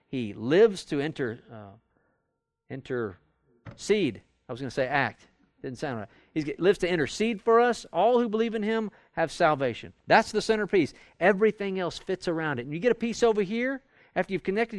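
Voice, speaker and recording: A man's voice: high voice, no room sound, clean studio sound. A man teaching a Bible study class in a conversational way, acting out quoted arguments as he goes. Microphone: recorded for audio with a live class.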